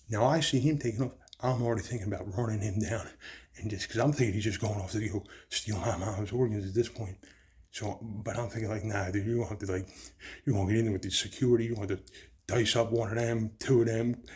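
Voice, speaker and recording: A man's voice: fairly low pitch, a little mellow, slight background noise. A man giving a rambling, profane, emotional account of his mother's death in hospital. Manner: rambling, profane, agitated retelling. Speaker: grieving son telling his story.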